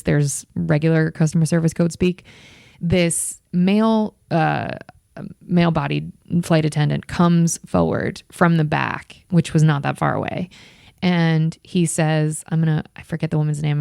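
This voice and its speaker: A woman with a low, heavily gravelly and dark voice tells a story in casual podcast fashion. She sounds exasperated and sarcastic as she acts out what others said. The recording is close and dry. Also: dry recording. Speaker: podcast host.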